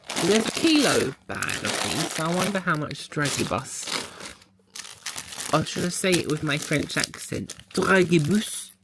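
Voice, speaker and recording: A man's voice: fairly high pitch, sing-song, unhurried, noisy background. A man chatting casually as he unboxes a mystery box, thinking aloud as he handles the packaging. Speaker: unboxing vlogger.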